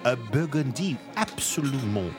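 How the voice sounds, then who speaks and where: A man voicing a pompous male sommelier with a put-on French accent, speaking in a drawn-out, condescending way. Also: mid-range voice, lively intonation, over music, pitched above the performer's own voice, lightly acted. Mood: haughty.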